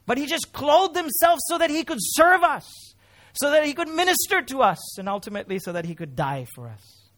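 A man with a notably high voice preaches a sermon in church. He talks with feeling, rising loud on key phrases and sinking low and soft between them. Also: very animated, a little fast. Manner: emotional, swells louder on key phrases then drops low. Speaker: pastor.

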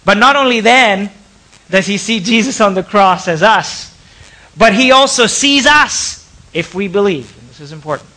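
A man preaching a sermon in a church, impassioned, stretching out key words and dropping to soft asides. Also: high-pitched, expressive, low-quality recording. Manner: impassioned, drawn-out emphatic words, sudden drops to soft asides. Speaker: pastor.

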